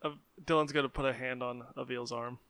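Soft-spoken man playing a tabletop game. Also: medium pitch, steady tone, fairly quick, clear, resonant tone, dry recording. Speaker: player.

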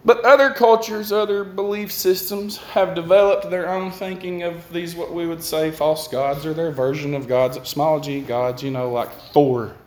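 Guy preaching, kinda high voice, chatty, asks the crowd stuff, echoey room. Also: fairly even intonation, normal speed, hardly any pauses, a little mellow. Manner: conversational preaching, asks the congregation questions. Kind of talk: sermon.

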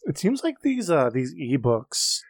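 Man, slow gravelly voice, deadpan quips, dry close sound. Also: on the high side, no room sound. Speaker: podcast co-host.

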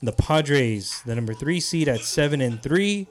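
A man with a mid-range voice hosts a relaxed podcast. He runs through league matchups in an easygoing, chatty way, with some swearing. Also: mid-range voice, measured pace. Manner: laid-back, casual, swears, laughs easily. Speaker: podcast host. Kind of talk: casual podcast chat, previewing league playoff picks.

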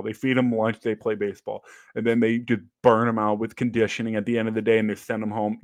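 A man's voice: fairly low pitch, no room sound. A young man chatting casually as a podcast co-host, telling stories with lots of fillers and restarts. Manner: animated storytelling with fillers and restarts. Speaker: podcast co-host, former ballplayer. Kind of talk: casual chat.

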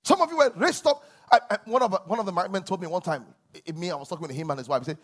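A man preaching a sermon as a pastor, swinging between loud emphasis and quiet asides. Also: sits high, expressive, fast, hardly any pauses.

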